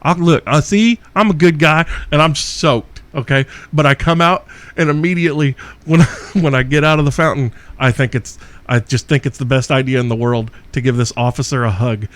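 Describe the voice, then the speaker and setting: Hosting a podcast, a middle-aged man speaks at a moderate pace with a medium pitch and few pauses. His wild story comes out casual and full of swearing, with frequent laughter along the way.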